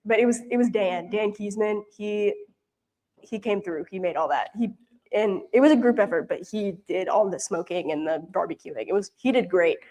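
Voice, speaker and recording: A woman's voice: medium pitch, normal speed, warm tone. A young woman from Louisiana giving a casual, rambling report at a church prayer meeting, full of fillers and restarts. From Louisiana, US South. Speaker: mission intern giving a report. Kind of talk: casual storytelling talk.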